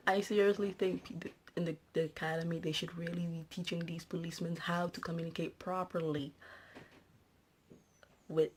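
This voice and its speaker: A woman's voice: fairly low pitch, little pitch movement, normal speed, long pauses, a little hiss or hum. A young woman telling a story in a casual vlog, indignant and ranting with rhetorical questions. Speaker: vlogger.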